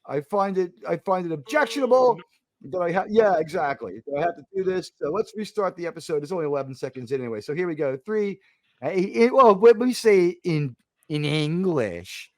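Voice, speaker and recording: An American man hosting a casual online panel, joking around with quick asides and loud bursts. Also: sits high, animated, no echo. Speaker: panel host.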